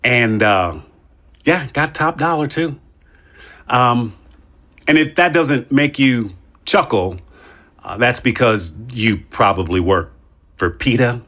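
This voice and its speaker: A man's voice: mid-range voice, lively intonation, slow pace, pauses often, fairly bright tone. Male podcast host, mid-range voice, loose and jokey, rambling with playful tangents. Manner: joking, rambling, playful asides. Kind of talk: casual podcast chat.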